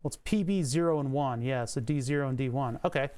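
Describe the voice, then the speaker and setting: Fast and clear, the man's medium-pitched voice has a resonant, slightly mellow tone. He mutters through an electronics livestream, reasoning aloud over code and datasheets, now and then cursing or laughing under his breath.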